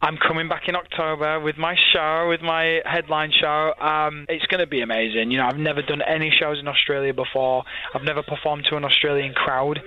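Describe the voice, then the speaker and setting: An English man, a singer being interviewed, chatting warmly and laughing often, with frequent restarts. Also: fairly high pitch, little pitch movement, a little fast, hardly any pauses, phone-quality sound. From England. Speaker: singer-songwriter guest. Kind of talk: casual interview chat.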